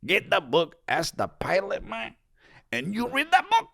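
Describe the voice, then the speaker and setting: A man putting on a high, strained voice as a pushy advice-giver, as if under immense physical strain. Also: huge pitch swings, unhurried, creaky, bright, forceful tone, no room sound, clean studio sound, exaggerated voice. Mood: urgent.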